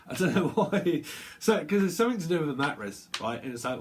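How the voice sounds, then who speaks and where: A man's voice: on the high side, sing-song, moderate pace, noisy background. A man giving a casual tarot reading, chatty and rambling, full of fillers and restarts. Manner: acts out little quoted voices, bursts of laughter. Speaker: tarot reader.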